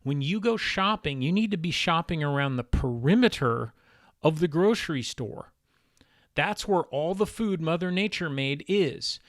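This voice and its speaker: A man's voice: fairly high pitch, animated, a little slow, no room sound, studio quality. A man talking in a casual instructional vlog about diet, emphatic, exasperated and blunt. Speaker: keto diet vlogger.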